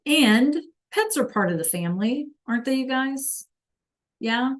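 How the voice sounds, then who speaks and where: A woman teaching a live online language class, slowly sounding out words for students to repeat and encouraging them by name. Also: sits high, animated. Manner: slow careful enunciation of words for students to repeat. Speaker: Spanish teacher.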